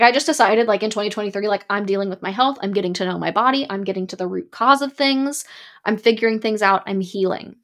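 A woman in her twenties hosting a podcast in casual chat, frank and emphatic, full of "like" fillers and swearing when riled. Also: mid-range voice. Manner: many "like" fillers. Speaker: podcast host.

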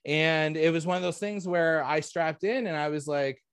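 A man's voice: fairly high pitch, moderate pace, clear, resonant tone, no echo, studio quality. A man from Canada in his forties, a comedian talking candidly in a casual interview, rambling with lots of fillers and asking "right?" often. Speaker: comedian guest.

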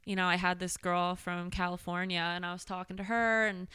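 A woman's voice: lowish voice, steady tone, brisk, sharp tone, clean tone, no echo, clean studio sound. A young woman from Pennsylvania with a Pennsylvania accent, chatting casually as a podcast guest, laughing often and poking fun at herself. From Pennsylvania, USA. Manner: laughs often, playful and self-mocking. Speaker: country pop singer, podcast guest. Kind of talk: casual chat.

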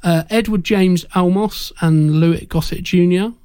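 A man's voice: high voice, normal speed, warm tone, clean tone, no echo. Hesitant man chatting about films. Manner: hesitant, frequent "uh" fillers and restarts. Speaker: podcast co-host. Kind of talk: casual film-discussion chat.

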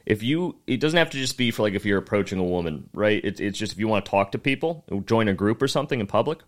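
A man's voice: fairly low pitch, fast. A man, a comedian guest on a podcast, chatting casually and acting out the voices of people in his stories. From Northeastern US. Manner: animated storyteller who acts out quoted voices.

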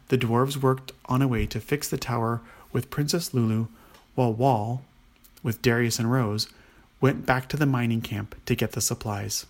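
A man narrating a children's bedtime story in a gentle, steady manner. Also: mid-range voice, vocal fry. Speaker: storyteller, father.

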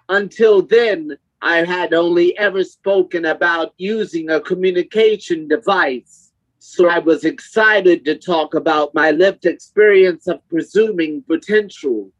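A man's voice: high-pitched, no room sound, highs cut off. A man speaking through a text-to-speech communication device, with a synthetic, evenly paced voice, heard over a video call. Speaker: guest speaker.

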